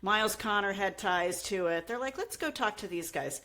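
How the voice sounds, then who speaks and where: A woman's voice: medium pitch, expressive, moderate pace, sharp tone. A young adult woman co-hosting a podcast, casually retelling a true crime story and acting out the quotes. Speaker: podcast co-host.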